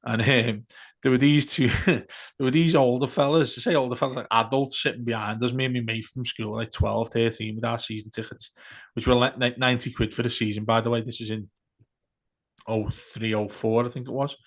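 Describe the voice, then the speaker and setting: A man, chatting casually as a podcast co-host and telling animated match-day stories. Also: mid-range voice, brisk. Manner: animated storyteller, shouts out quoted fan heckles. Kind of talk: casual football chat.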